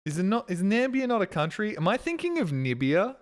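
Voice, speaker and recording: A man's voice: high-pitched, wildly swooping pitch, brisk. A man streaming while he plays a game, rambling casually and jokily, swearing often and getting defensive. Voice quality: profane, jokey, defensive.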